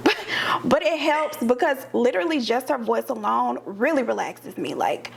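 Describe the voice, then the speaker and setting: A woman's voice: high voice, animated, measured pace, creaky. A woman talking as a podcast guest in a casual, chatty way, acting out her own thoughts as she tells a personal story.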